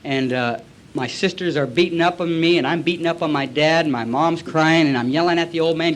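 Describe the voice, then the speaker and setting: A man's voice: a little high, a little fast, a little hiss or hum. A man in his forties giving a recovery meeting talk, a blunt, colloquial storyteller who acts out past conversations.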